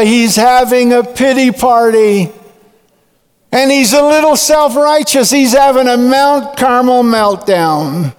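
A man preaching a sermon in a slow, deliberate way with dramatic pauses. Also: very high-pitched, smooth. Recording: long reverb of a large hall.

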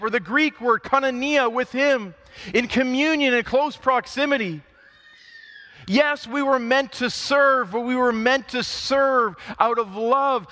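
A man preaching a sermon in a church, animated and acting out grumbling quotes. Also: extremely high pitch. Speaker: pastor. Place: church sanctuary. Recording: long hall reverb.

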